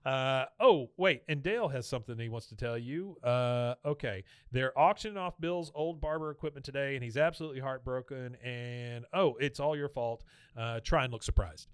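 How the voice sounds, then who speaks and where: A man co-hosting a casual podcast, walking through a cartoon episode scene by scene. His voice is smooth and clear, recorded close and dry. He acts out the characters' lines in quick voices and laughs along. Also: medium pitch, no room sound. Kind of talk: casual chat, retelling scenes.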